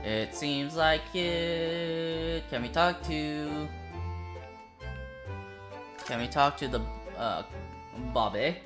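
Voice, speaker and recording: A woman's voice: deep voice, drawn-out words, long pauses. Chill woman streamer, playful, game music going. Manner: relaxed, playful, laughs at own slips. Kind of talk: casual game playthrough chat.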